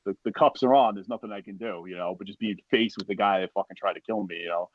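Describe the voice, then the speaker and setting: A man telling a war story in a casual, profane, animated way, acting out the voices of other people as he goes. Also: on the low side, quick pace, narrow, tinny audio. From United States. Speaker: podcast guest, army veteran.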